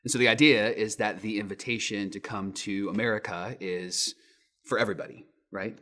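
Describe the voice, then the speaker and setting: A man in his thirties, a pastor giving a sermon with lively storytelling, acting out quotes in raised voices. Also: on the low side, normal speed.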